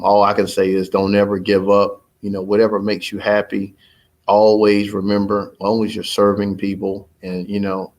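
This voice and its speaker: A man, likely in his thirties, giving a rambling, motivational update to his followers about his business, with many fillers and restarts. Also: low voice. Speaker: business owner addressing followers. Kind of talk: casual spoken update.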